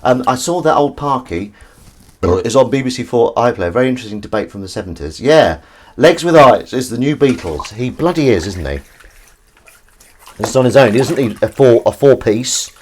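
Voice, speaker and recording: A man's voice: medium pitch, animated, moderate pace, a little hiss or hum. Rambling, chatty man. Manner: rambling, chatty, reads out and answers chat. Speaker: livestream host. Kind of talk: casual live-stream chat.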